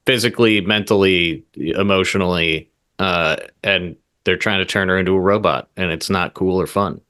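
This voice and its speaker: Deep, bright-toned man gushing eagerly. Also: steady tone, moderate pace, no room sound, clean studio sound. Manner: eager, gushing, heavy use of "like". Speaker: podcast co-host. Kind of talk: casual chat.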